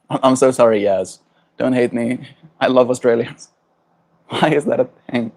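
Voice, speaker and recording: Gentle South African man streaming. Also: medium pitch, a little slow. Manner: gentle, warm-hearted, laughs often. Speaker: livestreamer reading chat. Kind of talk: casual livestream chat.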